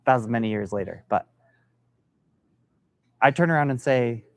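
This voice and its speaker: A man's voice: medium pitch, expressive, moderate pace, vocal fry. A middle-aged man mentoring business founders in a live workshop, telling a story and quizzing the room. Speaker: sales mentor. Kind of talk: live workshop talk to an audience. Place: meeting room with an audience.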